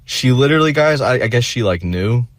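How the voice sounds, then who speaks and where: A man's voice: mid-range voice, expressive, a little fast, no room sound. A young man telling a rambling, self-deprecating story in a casual vlog monologue, full of fillers and restarts.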